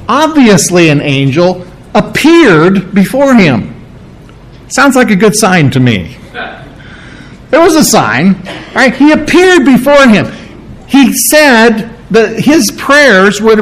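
A man preaching a sermon, animated, acting out the voices of people he quotes. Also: high-pitched. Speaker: pastor.

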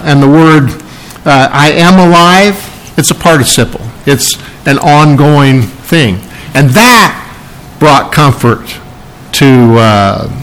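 A man with a fairly high-pitched voice preaches a sermon. He reads and explains scripture in a chatty, conversational way. He breaks out now and then into excited outbursts. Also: low-quality recording. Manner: conversational Bible teaching with bursts of excitement. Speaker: pastor.

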